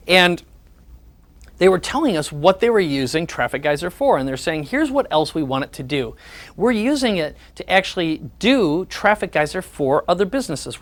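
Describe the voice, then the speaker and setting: A man with a somewhat high voice gives a sales presentation. He leans on personal stories and plays out the back-and-forth of past conversations as he goes. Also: fairly bright tone. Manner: storytelling, repeats the words of others in conversation.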